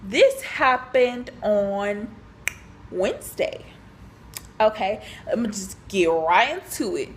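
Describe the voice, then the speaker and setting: A woman's voice: mid-range voice, a little hiss or hum. A young woman, chatting casually as she tells a storytime about work, full of fillers and acted-out dialogue. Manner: chatty, animated, lots of fillers and quoted dialogue. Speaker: vlogger telling a work story.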